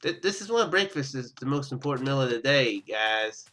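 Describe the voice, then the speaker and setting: A man's voice: medium pitch, expressive, moderate pace, bright, forceful tone. A man chatting casually over his gameplay, rambling and stammering, cutting himself off with chuckles, into a webcam microphone. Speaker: gaming YouTuber.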